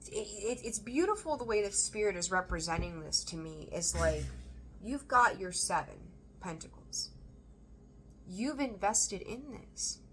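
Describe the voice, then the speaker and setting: A woman reading tarot for her viewers, emphatic and animated, repeating phrases for emphasis and swearing now and then. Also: medium pitch, a little slow, slight background noise. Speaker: tarot reader. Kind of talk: intuitive tarot reading to camera.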